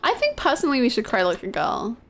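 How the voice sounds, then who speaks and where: A woman's voice: a little high, huge pitch swings, fast talker, a bit bright, slight background noise. A woman streaming a video game live, chatting playfully and giggling between lines.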